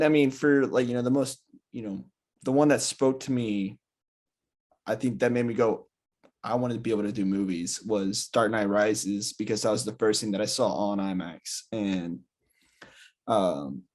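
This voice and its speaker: A man in his twenties talks through his thoughts on a podcast, hesitant and reflective, with lots of fillers. His voice sits on the low side for a man. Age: 20s. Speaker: podcast co-host. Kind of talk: casual chat.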